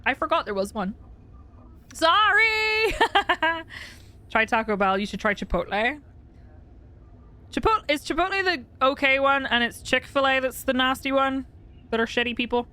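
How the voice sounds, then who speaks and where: A woman's voice: sits high, fairly quick, bright, forceful tone. A young woman streamer chatting casually with her live chat, laughing often and greeting viewers by name.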